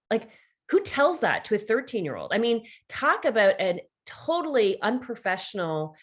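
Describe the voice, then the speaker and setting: Animated Canadian woman telling stories. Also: fairly high pitch, moderate pace, breathy edge. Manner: animated storytelling with quoted voices. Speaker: guest. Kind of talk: podcast interview.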